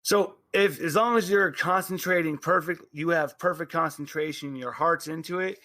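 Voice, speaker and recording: A man narrating a tabletop game as game master, describing scenes in halting bursts with frequent restarts. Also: a little high, pushed and bright, no echo.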